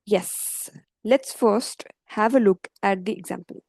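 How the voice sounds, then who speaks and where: A woman teaching French grammar to beginners, explaining slowly and patiently and checking in often with "okay" and "yes". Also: mid-range voice, gravelly, a little mellow, no room sound, low-quality recording.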